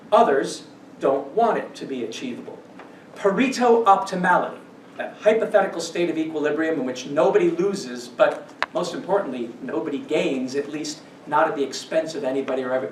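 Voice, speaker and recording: A man giving a scripted lecture in an emphatic way, slowing down for stressed points and rushing through asides. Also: fairly high pitch, slight background noise. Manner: emphatic, shifts between slow stresses and quick asides. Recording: roomy echo, distant mic, faint ambience.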